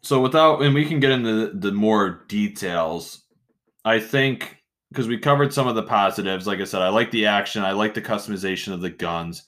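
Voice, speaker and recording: Deep-voiced man rambling casually. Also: a little fast. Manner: rambling and animated, self-interrupting. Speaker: podcast co-host. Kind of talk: casual chat.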